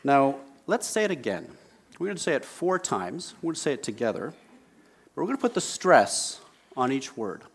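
A man preaching a sermon in a church, with emphatic, unhurried delivery and deliberate pauses. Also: mid-range voice, big pitch swings, slightly rough. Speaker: pastor. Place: church sanctuary.

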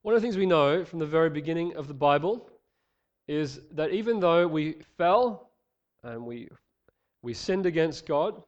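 A man's voice: fairly high pitch, lively intonation. Preacher guy w a head cold, bit nasal, earnest, slightly muffled lo-fi sound. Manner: earnest, measured, some fillers. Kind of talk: sermon with prayer and scripture reading.

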